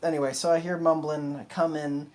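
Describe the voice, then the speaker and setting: A man's voice: a little high, level tone, brisk, darkish tone. A man co-hosting a casual podcast, telling a long story with plenty of fillers and restarts. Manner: rambling, filler-heavy storytelling. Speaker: podcast co-host.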